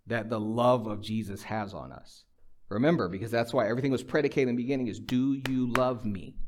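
A middle-aged pastor delivers a sermon in a fairly low voice, weaving personal stories and dry humor into emphatic, conversational exhortation.

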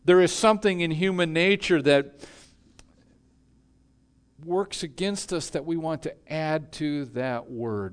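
Man preaching, smooth clear voice, measured delivery, quiet phrase endings. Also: fairly high pitch. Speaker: pastor. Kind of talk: sermon.

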